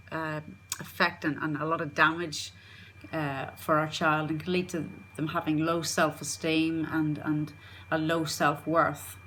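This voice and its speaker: A woman with a notably low voice gives parenting advice in a steady instructional talk. She is earnest and circles back to repeat her key points, with a faint hiss of noise behind her. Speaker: parenting coach.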